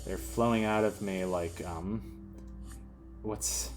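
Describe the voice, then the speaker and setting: Brief: unhurried male let's player, rambling and self-mocking, game music loud behind. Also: lowish voice, little pitch movement. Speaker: gaming commentator. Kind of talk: casual let's play commentary.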